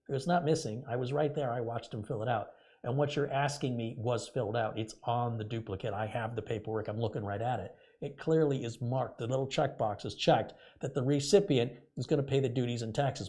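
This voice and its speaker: A man's voice: medium pitch, fairly quick. Man animatedly retelling a story. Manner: animated, acts out quoted dialogue, indignant. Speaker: host. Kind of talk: casual storytelling to a live audience.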